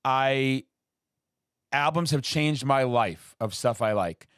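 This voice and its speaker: A man hosting a casual interview, telling stories with excitement and acting out quotes in high voices. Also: slow, clean tone, dry recording, studio quality. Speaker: podcast host.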